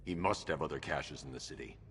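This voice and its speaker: A grim masked vigilante hero in a video game, with an extremely deep, low-pitched voice. He speaks tersely and in commands, every word clipped and stern. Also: quick pace, a bit bright, a little hiss or hum. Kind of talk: video game cutscene acting.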